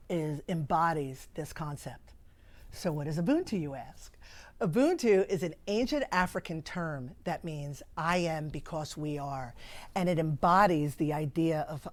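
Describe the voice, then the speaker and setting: A woman's voice: low-pitched, a little mellow. A middle-aged woman hosting a spiritual podcast, talking in a conversational, enthusiastic and heartfelt way. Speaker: podcast host. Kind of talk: casual spiritual podcast monologue.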